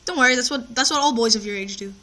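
A teenage boy talks casually while playing Minecraft, teasing his friend and bragging, with lots of stumbling restarts. His voice is very high-pitched, rapid-fire, bright, and forceful. A little hiss or hum sits in the recording.

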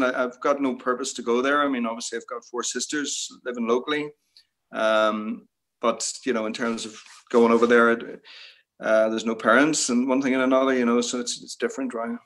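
A man's voice: mid-range voice, fairly bright tone. Reflective man on a call. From Northern Ireland. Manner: reflective, lots of "you know" asides. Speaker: interview guest. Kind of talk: reminiscing interview talk. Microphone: video call.

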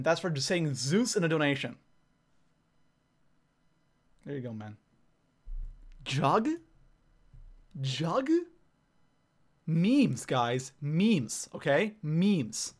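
A man streaming a game live, excitedly thanking viewers by name and reacting to the play. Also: high-pitched. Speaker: livestreamer. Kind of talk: live gameplay commentary.

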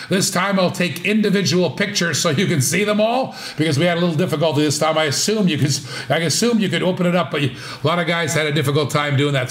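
A man's voice: a little high, fairly bright tone, reverberant. A man hosting a live online auction, with playful, rhythmic, repetitive patter. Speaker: auctioneer and channel host.

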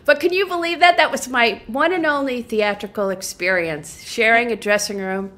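Her voice leans high and her pace is moderate as this middle-aged folk singer, a guest, spins a humorous yarn at her own expense. She's lively and laughs a lot.

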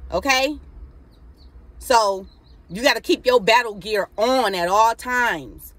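A woman with a slightly high voice preaches live into her phone, fervent and exhorting. She peppers every thought with hallelujah and talks in a loose, casual way. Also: slow, long pauses, a bit bright. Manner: fervent, repeating hallelujah, casual Southern-style speech. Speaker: preacher on a Facebook live stream. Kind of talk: spontaneous live-stream preaching.

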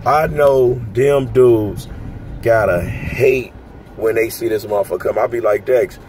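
A man's voice: lowish voice, a little slow, slight background noise. A man giving casual, profane commentary as a vlogger, talking emphatically inside a car. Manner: profane, emphatic, animated ranting. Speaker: bodybuilding vlogger.

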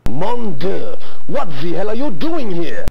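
A man's voice: sits high, sing-song, unhurried, gravelly, dark tone, breathy edge, exaggerated voice. A man voicing a snooty, brusque photographer in an adventure game, with a fake French accent and a dismissive, haughty manner.

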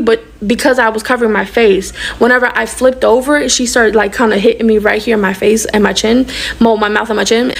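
A young woman recounts a personal storytime in a casual, rapid rush. Her voice sits a little high with a gravelly fry running through it, and she performs the lines of dialogue she quotes. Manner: rapid, animated retelling that acts out quoted dialogue.

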